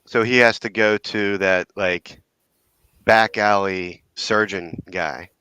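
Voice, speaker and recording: Man guest, low bright voice, easygoing and laughing often, dry mic. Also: fairly even intonation, takes it slowly, clean tone, dry recording. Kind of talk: casual chat.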